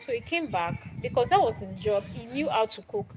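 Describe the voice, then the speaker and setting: A young woman hosting a live stream, telling a Bible story in a casual, animated and dramatic way. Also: on the high side, fairly quick, noisy background. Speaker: livestream host.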